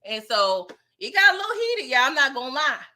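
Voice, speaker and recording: A woman recapping TV episodes in casual, slangy commentary, animated and sassy, swearing freely. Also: sits high, a little fast. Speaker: show reviewer.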